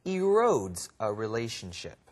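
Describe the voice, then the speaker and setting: A woman's voice: a bass voice, big pitch swings, a little slow. A woman co-hosting a program, addressing listeners as friends. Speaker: radio program co-host.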